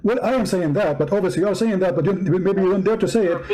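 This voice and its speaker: A man's voice: high voice, quick pace, crowd noise. A man with a strained voice, not a native English speaker, hosting a combative call-in debate and mocking his callers. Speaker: host of a call-in debate stream.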